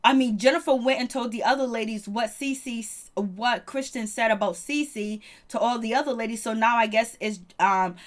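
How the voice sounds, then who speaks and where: A woman giving a casual, animated recap of a reality TV episode, slangy and quick to laugh. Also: a little high. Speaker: reality TV reviewer.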